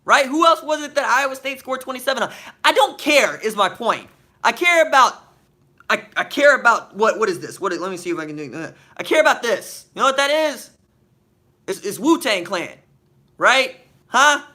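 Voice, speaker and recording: Bright, animated man hosting a live stream. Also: very high-pitched, moderate pace. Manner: animated, slangy banter with the chat; reads viewer questions aloud and fires back rhetorical questions. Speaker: podcast host. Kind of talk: live-stream chat answering viewer questions.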